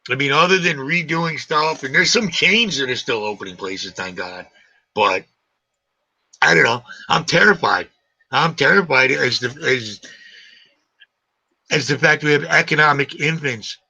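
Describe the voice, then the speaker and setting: Gravelly, bright-voiced rambling man. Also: medium pitch, unhurried, long pauses, dry recording. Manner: rambling, animated, swears casually. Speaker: livestream host. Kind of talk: casual live-stream chat. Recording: dull lo-fi stream audio.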